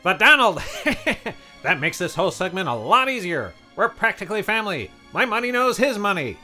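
A man's voice: high voice, sing-song, sharp tone, faint music behind, exaggerated voice. A man playing a gleeful, miserly rich tycoon in a comic radio play. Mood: cheery. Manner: gleeful, chirpy, quick to laugh. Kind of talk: comedy radio-play acting.

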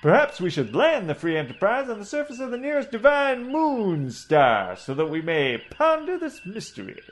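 A man's voice: high voice, huge pitch swings, moderate pace, pitched above the performer's own voice. Man doing a pompous old doctor. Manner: florid, preachy, drawling oratory. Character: pompous old Southern male ship's doctor. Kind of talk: comedy audio parody.

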